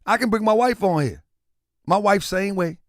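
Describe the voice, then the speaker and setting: A man's voice: high-pitched, moderate pace, no echo, clean studio sound. A man hosting a livestream, talking casually and preaching at times, often raising his voice. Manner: animated, preachy, shouting at times. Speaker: livestream host.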